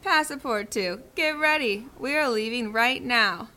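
A woman voicing a calm, decisive English gentleman in a children's cartoon, speaking crisply and giving orders. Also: on the high side, a little slow. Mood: brisk.

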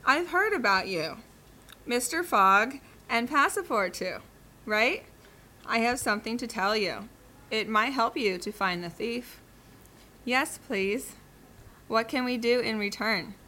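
Cartoon: woman as a captive painter, hushed and urgent, bright voice. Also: a little high, lively intonation, slow pace, exaggerated voice. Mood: pleading.

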